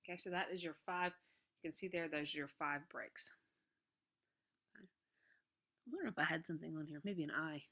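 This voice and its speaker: A woman teacher walks through a worksheet in a patient, step-by-step way. Her voice sits low in pitch but has a bright, forward edge. She keeps checking in with her listeners as she goes. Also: fairly quick, pauses often, breathy edge. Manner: patient, step-by-step explaining with many okays. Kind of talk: recorded classroom lesson walkthrough.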